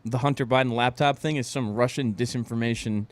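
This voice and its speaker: With a mid-range voice and fairly even intonation, this podcast co-host rants a little fast through a casual chat, swearing heavily and laughing often. The sound is echo-free.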